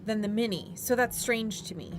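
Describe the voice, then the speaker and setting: A woman co-host in casual chat, her voice sitting at an ordinary middle pitch. She talks in a playful, chatty way and gushes freely. Faint music plays softly behind her. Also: moderate pace. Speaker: co-host reviewing miniatures.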